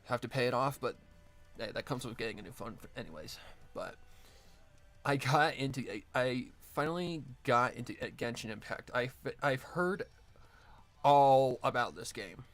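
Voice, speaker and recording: A man talks to his viewers on a live stream while he works at his editing, his pitch sitting in an ordinary middle range. He rambles, corrects himself partway through sentences and drops casual swears. It sounds like a home desk mic setup. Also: animated, moderate pace, fairly bright tone, soft background music. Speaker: streamer editing an audio drama.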